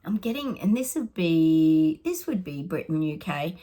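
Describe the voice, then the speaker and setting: A woman's voice: on the low side, very animated, measured pace, warm tone. A middle-aged Australian woman, a psychic giving casual predictions, chatty and sarcastic, often laughing.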